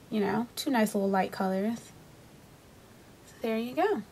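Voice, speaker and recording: Chatty woman reviewing lipsticks. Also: medium pitch. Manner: chatty, rambling, many fillers and restarts. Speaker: beauty vlogger. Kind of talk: casual product review.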